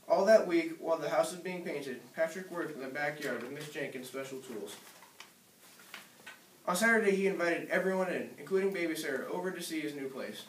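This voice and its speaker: A man reads a children's picture book aloud, gentle and storytelling, his voice a touch high for a man. The sound is roomy, with the mic some distance from him. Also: a little fast, slight background noise. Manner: gentle storytelling, small slips. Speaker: reader. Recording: echoey room, distant mic.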